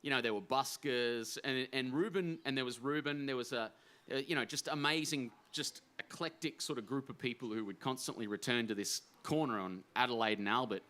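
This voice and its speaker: A middle-aged man, an author telling a story on a festival stage, animated and emphatic, full of fillers and restarts. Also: mid-range voice, brisk. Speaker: author guest at a writers festival.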